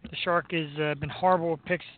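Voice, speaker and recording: A man's voice: fairly high pitch, little pitch movement, fast talker. A man hosting a radio show, chatting casually and rambling with self-deprecating jokes. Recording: tinny phone-like sound.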